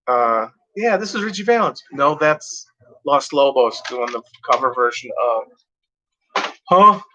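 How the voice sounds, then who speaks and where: A man's voice: mid-range voice, animated, takes it slowly, bright, forceful tone, dull audio, slight background noise. A tired, yawning man rambling casually as he reads out track lists from his cassette tapes. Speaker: music collector reviewing cassette tapes.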